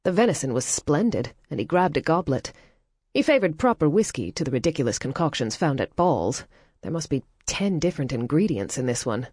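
A woman reads a period novel aloud with a measured, even storytelling manner. Her voice sits low for a woman and sounds dry and close to the mic. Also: breathy edge, no echo. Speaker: audiobook narrator. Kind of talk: scripted narration.

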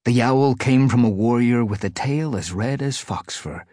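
A man narrating an audiobook, dramatic and hushed in the quiet passages, recorded close on a studio mic. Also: medium pitch, normal speed, few pauses, no room sound. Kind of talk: scripted narration.

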